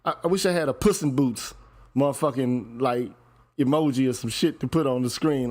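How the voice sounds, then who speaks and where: A man's voice: medium pitch, normal speed, a little mellow. A man hosting a casual commentary chat, talking in a profane, emphatic way and often repeating himself. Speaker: podcast host.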